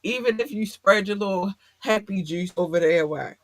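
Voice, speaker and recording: Blunt, profane man, slightly high voice. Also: moderate pace, no echo. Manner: blunt, profane, preachy advice-giving. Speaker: podcast host. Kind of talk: casual podcast monologue.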